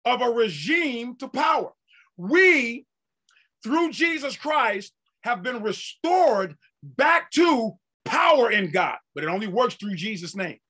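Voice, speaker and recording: High, bright-voiced fervent male preacher. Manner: fervent preaching with swings between quiet and loud; repeats words and phrases for emphasis. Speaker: apostle preaching. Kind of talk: sermon.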